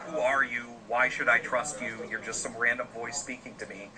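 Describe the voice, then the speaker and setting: A man's voice: medium pitch, steady tone, normal speed, natural voice, rough recording. A man voicing a young outcast village boy who pleads and stammers, with crowd noise behind. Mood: pleading.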